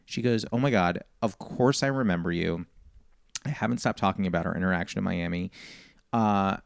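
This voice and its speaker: Guy comedian rambling through a story, low clear voice, quotes everyone. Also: fairly quick, dry recording, clean studio sound. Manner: animated storyteller, quotes people. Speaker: comedian guest. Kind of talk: casual storytelling.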